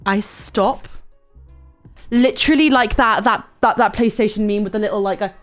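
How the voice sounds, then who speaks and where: A young woman, telling a story to her stream in a loud, animated way, with swearing and sudden shouts. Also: mid-range voice, moderate pace, faint music behind. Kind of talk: casual storytelling chat.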